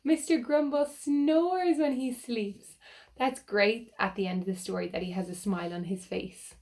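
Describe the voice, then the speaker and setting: A woman reading a picture book aloud to children, animated and asking them questions. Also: medium pitch, normal speed, gravelly. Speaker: children's storyteller.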